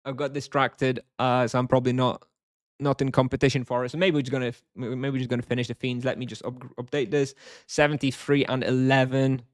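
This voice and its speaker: Man, game streamer, casual rambling chat, mid pitch, dry recording. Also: level tone, brisk, no echo. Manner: rambling, reads chat aloud and answers.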